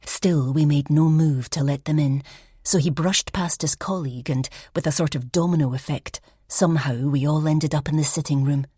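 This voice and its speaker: This is a woman's low, husky reading of a first-person mystery audiobook at a moderate pace. She keeps it soft and reflective, often easing toward a whisper, and the recording is dry and close to the mic.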